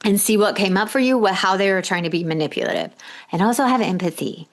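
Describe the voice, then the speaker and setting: A woman's voice: medium pitch, fast. A woman hosting a solo podcast, giving blunt, direct coaching advice in short punchy tips, with casual swearing. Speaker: podcast host.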